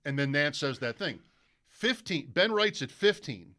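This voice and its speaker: A male sports radio host telling a long anecdote in casual studio chat, animated and mimicking broadcaster calls. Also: fairly high pitch, unhurried.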